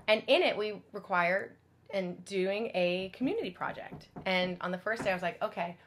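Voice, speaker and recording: A woman vlogger telling a personal story to camera, earnest and excited, chatty with lots of fillers and quoted dialogue. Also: medium pitch, normal speed, a little hiss or hum.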